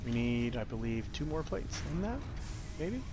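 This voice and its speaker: A man's voice: medium pitch, very animated, normal speed, over music. A young man giving casual, rambling tutorial commentary while playing a factory-building game, with self-deprecating asides. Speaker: gaming YouTuber.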